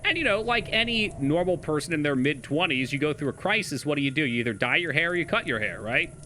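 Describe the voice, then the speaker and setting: A man's voice: fairly high pitch, lively intonation, fast, bright, forceful tone, slight background noise. A young man streaming a game live, chatting casually with his chat, swearing and laughing often.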